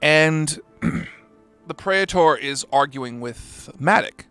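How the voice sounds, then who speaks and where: Male GM, narrates with dry asides and the odd curse; a touch high-pitched, soft music bed. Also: extremely slow, clean tone. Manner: swearing, wry asides, voicing characters in quotes. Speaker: game master. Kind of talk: narrating a tabletop game.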